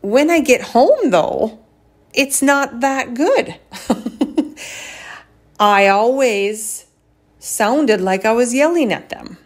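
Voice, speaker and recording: A woman chiropractor hosting a casual solo podcast, talking frankly and swinging her pitch up and down to demonstrate different tones of voice. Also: animated, very slow, long pauses.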